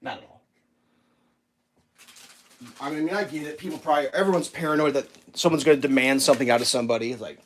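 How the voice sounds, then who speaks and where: A man's voice: mid-range voice, quick pace, long pauses, slight background noise. A young man casually telling a story while cooking breakfast, acting out the voices of the people in it. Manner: animated, acts out quoted voices. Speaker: vlogger.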